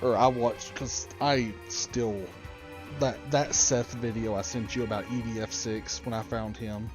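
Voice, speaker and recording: Man streamer, rambling casual chat, middle pitch, game music behind. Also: fairly even intonation, a little slow. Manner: rambling, chatty, frequent restarts and fillers. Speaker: streamer host. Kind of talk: casual chat while gaming.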